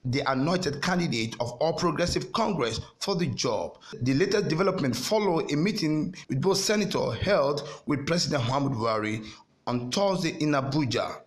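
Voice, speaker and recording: A man delivering a scripted news report in a measured, formal way. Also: on the high side, animated. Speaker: news correspondent.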